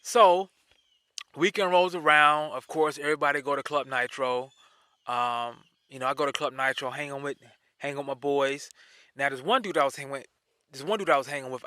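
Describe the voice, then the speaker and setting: Guy telling his own story, bright sharp voice, dry close sound, keeps repeating himself. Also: medium pitch, no room sound. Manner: animated, repeats himself, acts out the dialogue. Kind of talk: casual personal storytelling.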